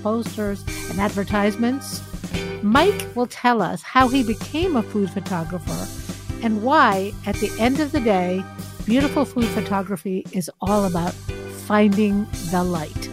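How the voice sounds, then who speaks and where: A woman hosting an interview, reading a measured scripted introduction and asking questions. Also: mid-range voice. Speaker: podcast host.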